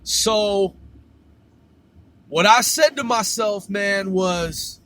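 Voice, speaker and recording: A man's voice: sits high, extremely slow, long pauses, sharp tone. A man telling a story casually, swearing and saying "man" at the end of his sentences. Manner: profane, drawling, says "man" constantly.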